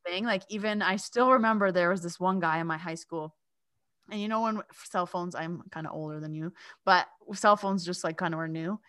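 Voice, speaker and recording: A woman in her thirties co-hosting a casual spiritual podcast, chatting in an animated way and breaking into loud mock-yelling. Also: on the low side, moderate pace, clear, resonant tone, no echo, studio quality. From Lebanese heritage. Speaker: co-host, spiritual coach.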